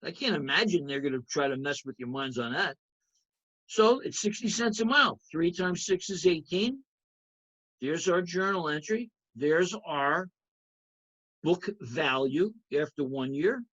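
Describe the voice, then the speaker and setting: A man's voice: on the high side, expressive, unhurried, a bit bright, muffled recording. A man teaching an accounting review lecture, emphatic, repeating key points and checking in with students. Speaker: accounting instructor.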